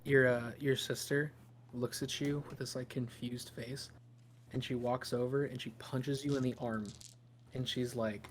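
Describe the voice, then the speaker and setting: A man narrating a tabletop game as game master, halting with lots of ums and restarts. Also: mid-range voice, level tone, slight background noise. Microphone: podcast microphone.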